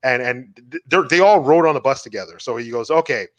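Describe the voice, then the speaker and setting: A man's voice: mid-range voice, fairly quick, no room sound, muffled recording. A man co-hosting a casual podcast, retelling comedy bits with lots of swearing and restarts. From Montreal, Canada. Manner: animated storyteller, swearing, many restarts. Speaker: podcast co-host.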